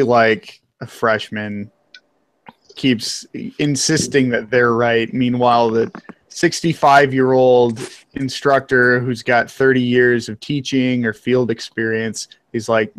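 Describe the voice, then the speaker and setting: A man's voice: medium pitch, slow pace, dry recording. A young man in casual chat, joking wryly about college classmates and swearing casually. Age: young adult.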